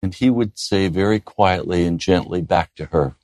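A man preaching a sermon in an earnest way, often dropping to a soft, gentle tone. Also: deep voice, moderate pace, dry recording. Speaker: pastor.

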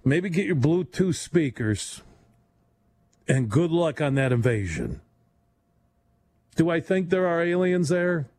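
A man hosts a late-night radio talk show in a slightly high voice. He rambles in an animated way and laughs often. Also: slow, long pauses, no room sound.

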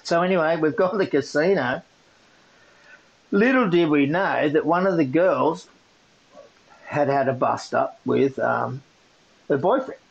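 An Australian man co-hosting a podcast, telling a story in a casual, animated way and laughing often. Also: a little high, unhurried, gravelly, pauses often, highs cut off. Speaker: podcast co-host.

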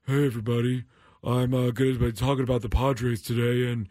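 A man putting on a deep, self-serious announcer voice. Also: flat delivery, a little fast, dark tone, no room sound, lightly acted. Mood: mock serious. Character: the host himself in a put-on deep, serious voice.

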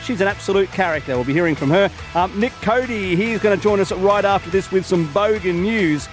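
A man's voice: sits high, brisk. A man hosting a radio show, presenting upbeat segments and sponsor reads. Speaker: radio fill-in host. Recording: radio broadcast over music bed.

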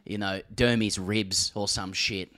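A man's voice: lowish voice, fairly even intonation, measured pace, pushed and bright. An Australian man co-hosting a casual cricket podcast, rambling with frequent laughs, restarts and swearing. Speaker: podcast co-host.

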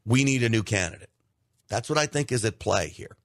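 A man's voice: on the low side, lively intonation, fairly quick, dry recording, studio quality. A man hosting an opinionated political commentary show, talking emphatically and repeating words for stress.

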